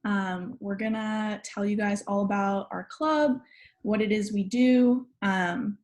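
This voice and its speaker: Woman, 20s, student club president; friendly, rambling host with steady mid pitch. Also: takes it slowly. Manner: friendly, filler-heavy with frequent ums. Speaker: club president hosting an info session. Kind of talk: casual online info session.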